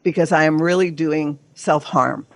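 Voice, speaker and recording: There's no room sound as this older woman talks at normal speed, her low-pitched voice keeping fairly even intonation. She's a therapist and coach guesting on a podcast, emphatic and earnest in tone, and she acts out inner voices in quotes from time to time.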